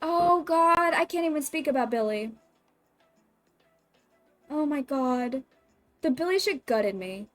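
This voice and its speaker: A woman streaming at home, chatting casually, emotionally expressive and swearing often. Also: sits high, a little slow, pauses often, faint music behind. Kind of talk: casual livestream chat.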